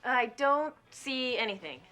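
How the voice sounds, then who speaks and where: A young woman playing an earnest, deadpan teen friend who keeps offering odd advice. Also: sits high, unhurried, exaggerated voice. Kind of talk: TV comedy-drama acting.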